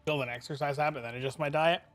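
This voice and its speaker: A man's voice: a little high, fairly even intonation, fast talker, a bit bright, faint music behind. A man streaming a game from a home room with a green screen, talking casually and rambling, swearing freely as he answers chat.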